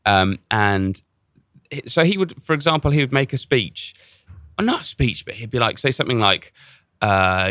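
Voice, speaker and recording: Lively bright-voiced man chatting. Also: mid-range voice, normal speed, no room sound, studio quality. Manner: animated storytelling with many restarts. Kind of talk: casual chat.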